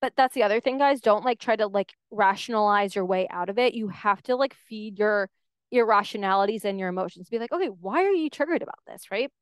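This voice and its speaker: A woman's voice: mid-range voice, fairly quick, clean tone, no echo, clean studio sound. A woman hosting her own podcast, talking candidly and animatedly in a casual solo monologue and often saying "like". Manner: candid and animated, heavy use of "like". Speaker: podcast host.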